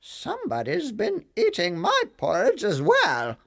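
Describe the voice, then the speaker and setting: A man's voice: sits high, wildly swooping pitch, a little slow, gravelly, fairly bright tone, no echo, studio quality, pitched above the performer's own voice, full character voice. A man voicing a prim mother bear in a storybook tale with a raised, fluty voice. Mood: indignant.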